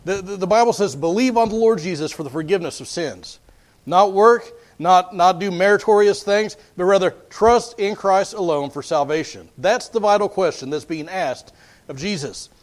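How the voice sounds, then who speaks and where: High-voiced earnest male preacher. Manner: earnest, repeats words while building points. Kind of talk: sermon.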